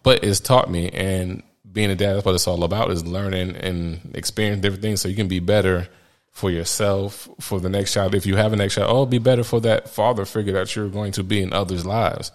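A man in his thirties speaks in a fairly low voice, telling parenting stories in a loose, candid way. He rambles, restarts and laughs often as he talks. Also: steady tone, brisk. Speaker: father sharing parenting stories. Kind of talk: casual personal storytelling.

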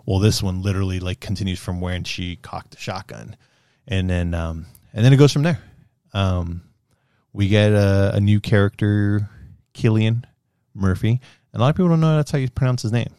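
A young man casually reviewing a movie, rambling and animated, with fillers and swearing. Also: fairly low pitch, moderate pace, clear, resonant tone, no echo, studio quality.

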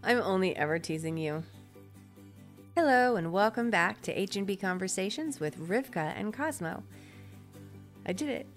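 A woman's voice: medium pitch, animated, normal speed, pauses often, soft background music. A middle-aged woman co-hosting a casual faith podcast, teasing and laughing easily as she chats. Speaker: podcast co-host. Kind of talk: casual chat.

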